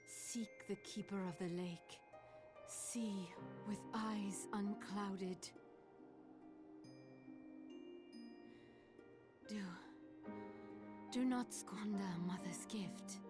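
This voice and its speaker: A woman's voice: medium pitch, steady tone, natural voice. A woman playing a solemn zealot leader. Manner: grave, preaching, measured. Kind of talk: video game voice acting. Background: game music.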